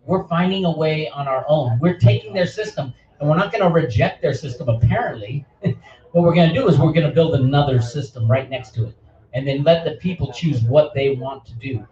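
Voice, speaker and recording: Middle-aged man, fiery ranting channel host, fairly high voice, distant roomy lo-fi sound. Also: brisk, dark tone. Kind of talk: impassioned speech.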